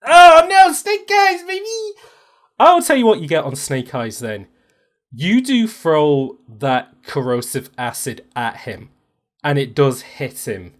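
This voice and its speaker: A man narrating as game master of a tabletop game, talking in a lively, animated way. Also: medium pitch.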